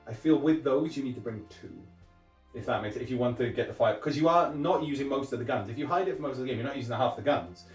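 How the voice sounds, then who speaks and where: A man with a middle-pitched voice talks through his tabletop game in a casual, self-deprecating way. He recorded in a roomy space that echoes, and faint music plays behind him. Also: a little mellow. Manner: joking, self-deprecating, chatty. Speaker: wargaming channel host. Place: game room. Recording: echoey room with music underneath.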